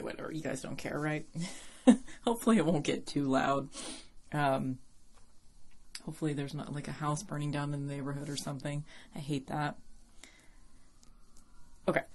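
A woman's voice: deep voice, steady tone, moderate pace, pauses often, darkish tone. A woman hosting a podcast in a casual, rambling chat, laughing often and swearing now and then. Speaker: podcast host.

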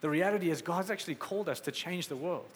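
Emphatic preacher in an echoey hall. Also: male voice, a little high, fast, a little hiss or hum. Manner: emphatic, conversational preaching with acted-out quotes. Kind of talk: sermon. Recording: echoey hall with faint ambience.

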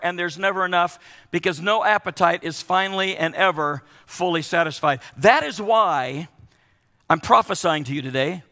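An older man, a pastor and grandfather, preaching a sermon in an animated way, acting out voices of children and others. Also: high voice, in a large hall.

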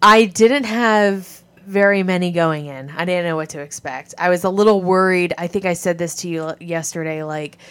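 A woman in her thirties talks casually as a podcast co-host. Her voice sits a little low, and she rambles, trails off and laughs easily. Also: moderate pace, few pauses, fairly bright tone, smooth. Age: 30s. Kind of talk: casual chat.

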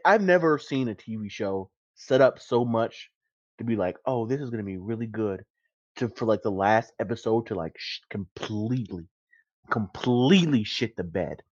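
A man in casual podcast chat, talking in an animated, profane way and laughing often. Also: lowish voice, no room sound. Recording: dry, dull lo-fi mic.

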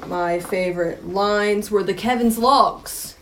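A woman's voice: mid-range voice, takes it slowly, a little hiss or hum. Giggly, chatty woman co-host. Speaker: podcast co-host. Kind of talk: casual movie review chat.

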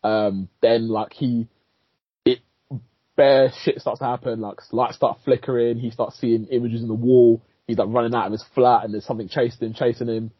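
A man's voice: mid-range voice, fairly even intonation, moderate pace, slightly rough, no room sound, lo-fi sound. A man, a podcast co-host recapping a TV episode in rambling casual chat, swearing and laughing as he goes.

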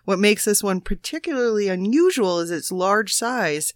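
A woman's voice: mid-range voice, lively intonation, normal speed, dry recording. A woman co-hosting a comedic radio show, reading odd news stories and giggling. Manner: giggly, reads stories aloud. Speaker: co-host.

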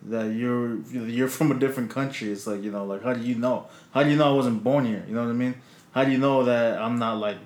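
Casual profane man telling stories. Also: medium pitch. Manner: relaxed, profane, laughs while telling stories. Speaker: podcast co-host. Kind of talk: casual podcast chat, storytelling. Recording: roomy echo.

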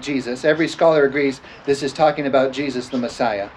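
A man's voice: medium pitch, quick pace, a little hiss or hum, rough recording. A man preaching a sermon and leading communion prayer, drawing out scripture words and calling for responses. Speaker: pastor.

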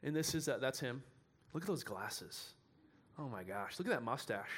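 A pastor preaching a sermon in a church, animated and building to shouts at its peaks, often restarting his sentences. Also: mid-range voice, normal speed, breathy edge.

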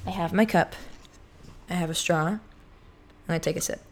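A woman's voice: on the low side, steady tone, normal speed, slight background noise. A young woman in her twenties hosting a casual solo podcast from her apartment, rambling and chatty, often cutting herself off. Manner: rambling, chatty, self-interrupting with many likes. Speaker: podcast host. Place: apartment room.

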